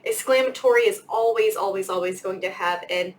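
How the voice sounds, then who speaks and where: A woman's voice: medium pitch, fairly quick, slight background noise, low-quality recording. A young woman giving a casual grammar lesson as a teacher, chatty and full of fillers. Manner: chatty, lots of "like" and "um". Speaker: English teacher.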